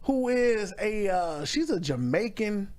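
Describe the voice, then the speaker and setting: A man hosts a relaxed podcast chat, joking and cursing freely. His pitch swings widely as he talks. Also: slow. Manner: animated, joking, profane banter. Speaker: podcast host. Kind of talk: casual chat.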